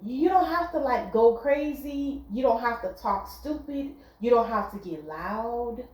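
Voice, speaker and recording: A woman's voice: a little high, expressive, a little slow, darkish tone. Earnest woman talking in an echoey room. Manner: earnest, repetitive, conversational. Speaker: vlogger giving relationship advice. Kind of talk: casual monologue.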